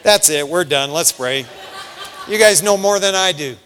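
Under the long reverb of a big hall, with a faint crowd and a little hiss or hum, a middle-aged pastor preaches in a voice on the high side at normal speed. He's casual and animated, talking conversationally and often throwing in "man."

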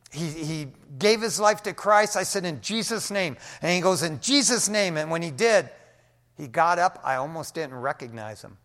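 An older man preaching a sermon, telling a testimony in an animated, folksy way and often dropping "man" into his sentences. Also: fairly high pitch. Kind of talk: storytelling sermon. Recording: long hall reverb.

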